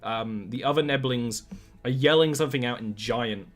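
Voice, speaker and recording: A man narrating as game master of a tabletop game, animated, with frequent laughs and restarts. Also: medium pitch, normal speed. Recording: faint music behind.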